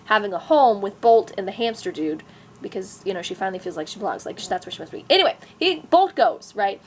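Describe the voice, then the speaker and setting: A woman's voice: medium pitch, big pitch swings, fast, slight background noise. Rambling, sarcastic young woman ranting. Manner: rambling, sarcastic, chuckles often. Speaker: novelist and vlogger. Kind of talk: casual rant vlog. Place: room at home, growing dark. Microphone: camera mic.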